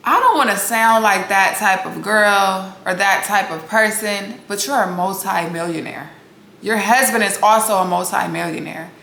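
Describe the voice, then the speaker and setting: A woman's voice: medium pitch, moderate pace, vocal fry, sharp tone. Blunt, sassy woman in an echoey room. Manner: blunt, sassy, profane, talks straight to viewers. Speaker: reality TV recap host. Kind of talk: casual opinionated recap. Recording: echoey room with faint noise.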